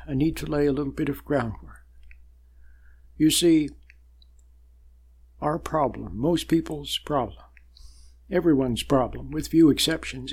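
Husky older man giving a spiritual talk. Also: fairly high pitch, a little mellow. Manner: measured and emphatic, with repeated phrases and long pauses. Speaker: spiritual teacher.

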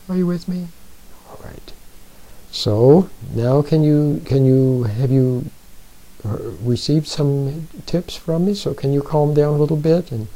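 A man giving spoken self-help advice, slow and deliberate, who keeps repeating his points and checking in with the listener. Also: mid-range voice, mellow, rough recording. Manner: repeats points and often checks in with "See?" and "Are you with me?". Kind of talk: plain spoken advice talk.

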